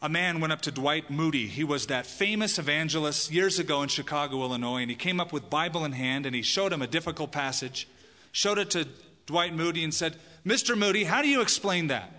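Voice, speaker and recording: A man with a fairly high, bright, forceful voice speaks a little fast, preaching to his congregation as pastor. He's emphatic and poses questions to his listeners, and the recording carries long hall reverb.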